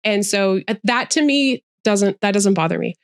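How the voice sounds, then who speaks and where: A woman's voice: medium pitch, animated, moderate pace, clean tone, no echo, clean studio sound. A woman guest who trains presenters, explaining her views articulately in a casual interview over a video call.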